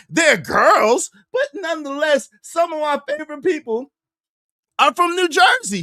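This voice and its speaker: Animated New podcast host. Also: male voice, very high-pitched, normal speed, no echo, studio quality. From New York. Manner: animated, repetitive, calls out critics. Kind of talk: livestream podcast rant.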